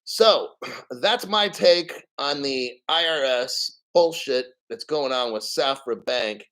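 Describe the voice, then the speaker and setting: A man's voice: medium pitch, lively intonation, takes it slowly, bright, forceful tone, rough recording. A man in his fifties hosting a crypto news livestream, ranting in a profane, sarcastic way. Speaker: crypto news show host.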